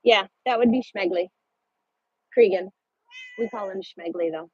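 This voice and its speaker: On a live stream from her truck parked at a rest area, a woman truck driver chats casually with viewers and swears now and then. Her voice is medium-pitched and slightly rough, with a measured pace. The recording has a dull, lo-fi sound.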